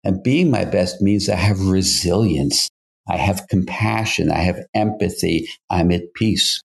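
An older man, a psychotherapist hosting a podcast, talking in an earnest, measured way and putting questions to the listener. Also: sits low, creaky. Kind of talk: reflective solo podcast talk.

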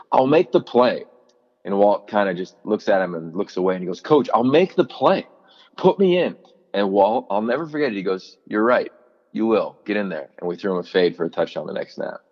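Deep-voiced man telling animated stories. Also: big-room sound, muffled recording. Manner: animated storyteller, many fillers and restarts, acts out quotes. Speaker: college football analyst, former player and coach. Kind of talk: podcast interview, storytelling.

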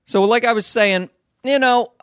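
A young adult man hosting a casual solo podcast at home, rambling and joking with animated asides, holding the mic close. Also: very high-pitched, unhurried, clean tone, no room sound. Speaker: podcast host. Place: at home with a baby. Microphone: handheld mic held close.

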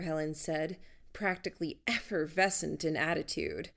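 A woman reading a first-person story aloud in an even, measured storytelling manner. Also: low voice. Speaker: audiobook narrator. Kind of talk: first-person audiobook narration.

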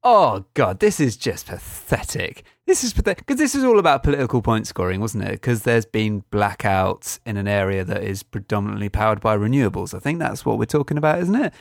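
A man's voice: fairly low pitch, expressive, brisk, gravelly, few pauses, no room sound. A man co-hosting a podcast in casual chat, sarcastic and exasperated. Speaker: podcast co-host.

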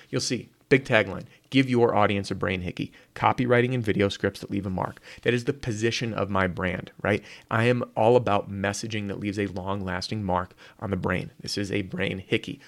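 Guy hosting a marketing show, fairly low voice, quick punchy talk, restarts a lot. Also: gravelly. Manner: energetic, punchy, repeats words when restarting. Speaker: marketing podcast host. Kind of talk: solo talk to camera.

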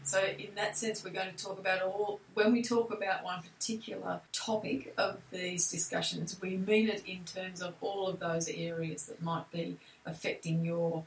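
A woman's voice: lowish voice, level tone, normal speed, vocal fry, few pauses, a little hiss or hum. Woman with echo, set back from the mic. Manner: practical, emphatic, acts out sample replies. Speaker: co-host. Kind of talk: advice talk show discussion. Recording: echoey room, voice a bit far from mic.

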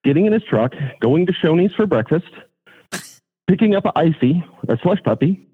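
Brief: husky-voiced male caller, earnest storyteller, heard over a tinny phone line. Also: fairly high pitch, very animated, normal speed. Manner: sincere, nostalgic storyteller. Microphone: telephone.

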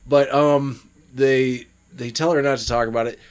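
A man's voice: mid-range voice, fairly even intonation, normal speed, smooth. A man in casual podcast chat, joking and laughing often.

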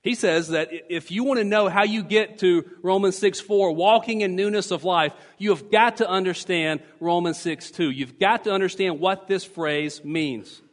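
A man with a fairly high voice preaches to his congregation, stressing each point and repeating phrases for emphasis. His voice rings out with a long reverb from the church sanctuary. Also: normal speed, few pauses. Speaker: pastor. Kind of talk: sermon.

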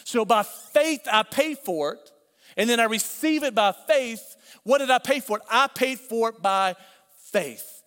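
Middle-aged male pastor, high voice, chatty preaching with repetition, church hall with long reverb. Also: expressive, unhurried, fairly bright tone. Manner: conversational preaching with repeated phrases and asides. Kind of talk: sermon.

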